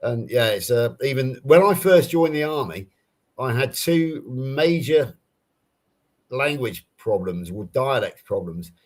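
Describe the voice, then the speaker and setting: A man's voice: mid-range voice, expressive, unhurried, darkish tone. Chatty Southern English man. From England. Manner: chatty, explains with personal anecdotes. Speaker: live stream panelist. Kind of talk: casual chat.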